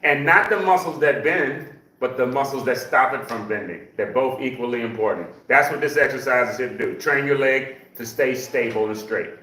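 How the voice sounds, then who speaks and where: A man's voice: mid-range voice, normal speed, bright, forceful tone. A man leading a live exercise class for seniors, counting repetitions aloud and checking in with a frequent "okay?". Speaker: senior fitness instructor. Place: senior center room. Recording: echoey room from a distance.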